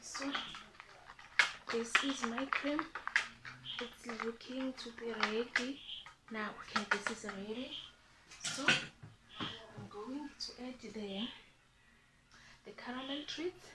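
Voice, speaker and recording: A woman demonstrating a recipe, explaining each step slowly and repeating herself. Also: on the high side. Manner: slow, repetitive step-by-step explaining. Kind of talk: cooking demonstration. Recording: roomy, distant mic, loud background noise.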